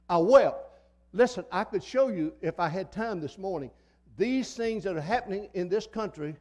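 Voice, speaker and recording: A man's voice: high voice, a little mellow. An older man preaching a sermon in a church, in a fiery, folksy manner that repeats phrases for emphasis. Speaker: pastor. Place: church sanctuary.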